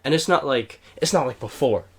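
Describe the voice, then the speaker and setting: A man's voice: medium pitch, lively intonation, fairly quick, slightly rough. Young male podcaster, loose rambling storyteller, heavy on fillers and swearing. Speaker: podcast co-host. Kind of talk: casual storytelling. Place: home, playing a video game while recording.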